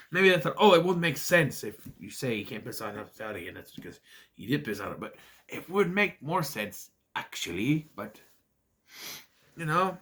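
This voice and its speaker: A man's voice: medium pitch, sing-song, measured pace, fairly bright tone. A man casually recapping a bad movie with sarcastic asides, jumping into exaggerated voices for the characters' lines. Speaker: movie reviewer.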